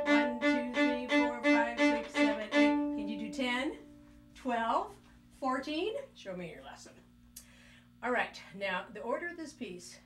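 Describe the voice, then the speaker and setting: A woman teaching violin, counting beats aloud and calling out short cues like "glue" and "squirt" while she plays. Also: mid-range voice. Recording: echoey room, mic at a distance. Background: violin playing along.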